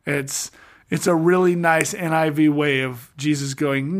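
Jokey middle-aged man, higher voice. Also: unhurried. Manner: jokey, animated, slangy retelling of scripture. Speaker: podcast host. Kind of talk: casual Bible study chat.

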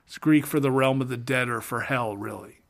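A man's voice: mid-range voice, moderate pace, creaky. A middle-aged man hosting a podcast, talking through a Bible passage in a casual, jokey way with slangy asides. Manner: jokey, animated, slangy retelling of scripture. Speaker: podcast host. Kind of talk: casual Bible study chat.

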